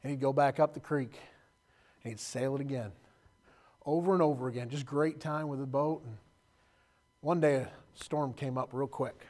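A man preaching a sermon, telling stories with emotion and moving from loud passages to quiet, hushed ones. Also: mid-range voice, fairly even intonation, normal speed, pauses often.

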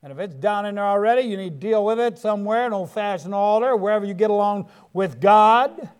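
A man's voice: high-pitched, fairly quick, clear, resonant tone. A middle-aged man preaching a sermon in a folksy way, dropping frequent amens to the congregation. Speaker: pastor.

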